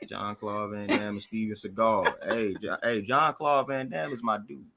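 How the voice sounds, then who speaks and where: A man's voice: lowish voice, fairly even intonation, moderate pace, gravelly, pushed and bright. A young man joining his wife's casual live-stream chat, bantering and playfully defensive. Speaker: guest.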